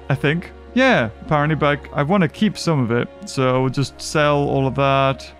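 A man hosting a game playthrough, excitable and chatty, cheering on his game characters and laughing as he plays. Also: on the high side, normal speed, few pauses, music in the background. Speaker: gaming channel host. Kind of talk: let's play commentary.

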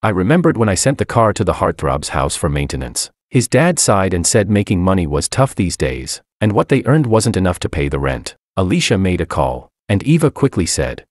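A man with a deep voice tells a first-person story in scripted narration. His delivery is even, with lively rises and falls, and the sound is dry and close. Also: normal speed, hardly any pauses, dry recording.

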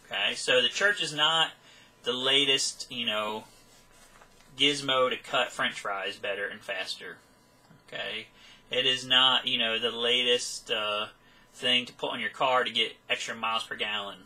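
A man's voice: mid-range voice, a little slow, sharp tone, poor audio. A man teaching a Sunday school Bible lesson in a conversational way, often checking in with "okay" and chuckling now and then. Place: church classroom.

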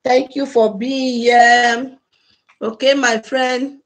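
High-voiced Nigerian woman hosting a livestream. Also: flat delivery, takes it slowly. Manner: repetitive, pleading, effusively thanking viewers. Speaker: livestream host. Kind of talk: casual livestream chat. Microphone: phone or laptop mic.

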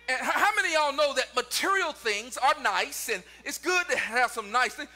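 Male pastor with a very high, sharp voice; preaches in shouts that rise into song, over faint church music. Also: animated, brisk, hardly any pauses. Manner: preaching in rising shouts, near-sung cadences; talks to the congregation and online viewers. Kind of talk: sermon.

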